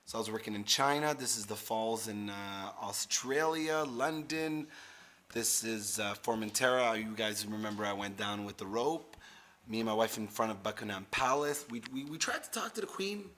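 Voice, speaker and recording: A man's voice: fairly low pitch, normal speed, a bit bright, a little hiss or hum. A man hosting a casual vlog, rambling through travel photos and repeating words. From Canada. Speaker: host.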